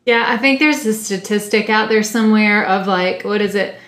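A woman's voice: mid-range voice, moderate pace, fairly bright tone. A woman co-hosting a faith podcast, explaining ideas thoughtfully and step by step. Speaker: podcast co-host. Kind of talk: teaching-style discussion. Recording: roomy echo.

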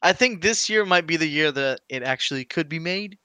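A man with a bright, somewhat high voice chats loosely with friends, laughing often and restarting his sentences as he goes. The sound is dry and close, with no room around it. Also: animated, a little fast, smooth, no echo. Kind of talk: casual chat.

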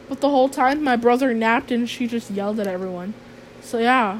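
High-voiced sarcastic woman vlogging. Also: steady tone, fairly quick, slight background noise. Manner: sarcastic, swearing, slangy rambling. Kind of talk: casual storytime monologue.

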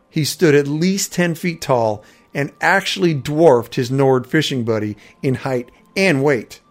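A man narrating a first-person fantasy story in a conversational tone, with wry asides. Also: mid-range voice.

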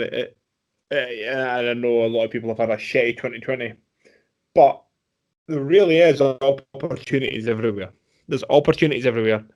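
A man co-hosting a podcast in casual chat, a bit drunk, excitable, swearing freely and laughing often. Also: medium pitch. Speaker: podcast co-host.

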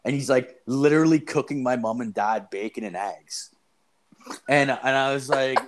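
A man's voice: mid-range voice, moderate pace. A young man telling a story in casual chat, rambling and swearing with lots of fillers.

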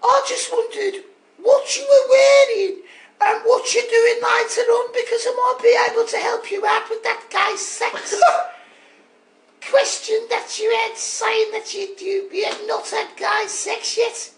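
A man voicing a cheeky male caller from Birmingham with a Birmingham accent, talking high, loud and flirty. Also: steady tone, unhurried, echoey room, distant mic, rough recording. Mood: cheeky flirting. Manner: shouty, high, flirty, laughing.

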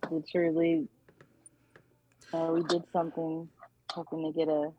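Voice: mid-range voice, completely flat delivery, moderate pace, mellow, dull audio, a little hiss or hum. A participant in a casual Bible study group who answers thoughtfully, with some hesitation.

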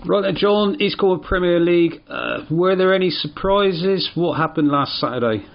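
A man hosting a casual local radio sports show, chatty and relaxed with plenty of ums and uhs. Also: high voice, normal speed, creaky. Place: radio studio. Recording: roomy, slightly dull radio studio sound.

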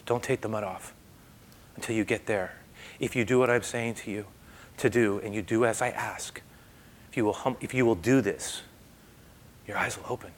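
A man voicing a soft, gentle Jesus. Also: fast talker, hardly any pauses, lightly acted. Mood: instructing. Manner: soft, low, reassuring.

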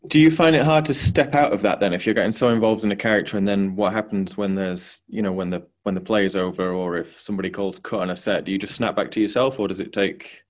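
A man's voice: fairly low pitch, fast, few pauses. A man interviewing a guest casually, asking probing questions full of fillers.

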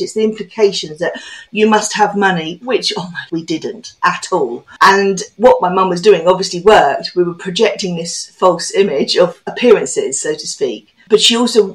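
A woman hosts a podcast in a reflective, chatty way. She tells personal stories at a brisk conversational pace, then turns them into questions for her guest. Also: fairly low pitch, poor audio. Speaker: podcast host. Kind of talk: conversational interview.

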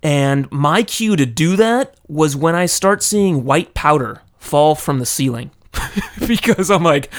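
A man from California, animated and dramatic, telling a personal story into a close microphone. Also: mid-range voice, normal speed. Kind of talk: casual storytelling monologue. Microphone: close studio microphone.

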